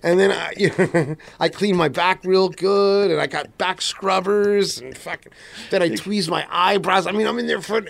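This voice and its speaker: Gravelly high-voiced man, laughing a lot. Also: moderate pace, fairly bright tone, dry recording. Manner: laughs often, swears, rambling. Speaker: podcast co-host. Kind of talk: casual chat.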